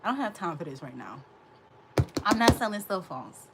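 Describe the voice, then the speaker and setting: A woman's voice: fairly low pitch, big pitch swings, normal speed, heavy background noise. A woman in her thirties hosting a casual livestream, sassy and laughing, talking back to her chat from a hot room. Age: 30s. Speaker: livestream host.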